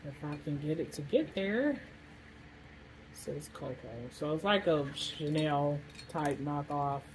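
Casual woman vlogger with a deep, slow delivery, rambling through her haul over faint background hiss. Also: low-quality recording. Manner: chatty, rambling, lots of fillers. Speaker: vlogger showing a shopping haul. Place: hot room with a fan blowing.

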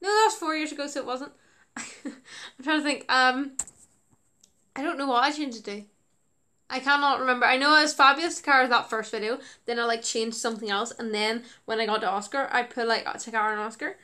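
A woman's voice: high voice, fairly even intonation, a little fast, pushed and bright. A woman YouTuber chatting casually about her old videos, rambling with lots of "like" and giggles. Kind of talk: casual reaction commentary.

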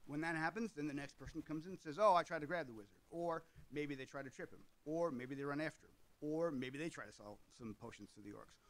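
A man's voice: a little high, brisk, few pauses, poor audio. A man hosting an explainer video on tabletop games, talking through ideas in a discursive way with asides. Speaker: host.

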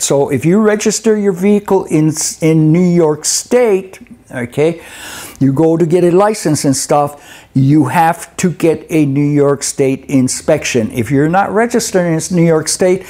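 Folksy man teaching, mellow voice. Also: on the high side, unhurried. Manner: folksy, repeats "okay?" and "eh?" to check in with listeners. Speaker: instructor. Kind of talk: live webinar lecture on truck inspections.

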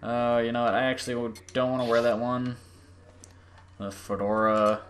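A young man rambling excitedly while playing a video game, gushing over everything he sees. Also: medium pitch, slight background noise. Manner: gushing, rambling, quick bursts of enthusiasm. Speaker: gaming YouTuber. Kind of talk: excited gameplay commentary.

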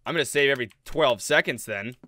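A man's voice: mid-range voice, quick pace, sharp tone, a little hiss or hum. A young man giving jokey, casual commentary while playing a horror game and reading its text aloud. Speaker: let's play host.

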